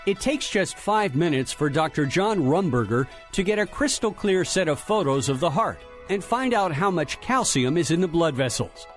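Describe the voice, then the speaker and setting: A man presents a short scripted health report for radio in a crisp, newsreader style. His voice is slightly high, and faint music plays underneath. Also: expressive, normal speed, few pauses.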